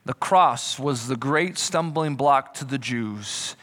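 A man preaching a sermon as pastor, lively, slipping into comic voices for imagined people. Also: mid-range voice, slow. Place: church.

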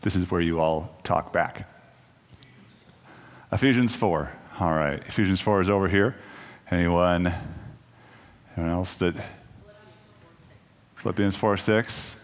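Speaking slowly in a low voice and pausing often, a preacher delivers a conversational sermon in a church sanctuary thick with long reverb. His manner is self-deprecating, and he frequently starts sentences over.

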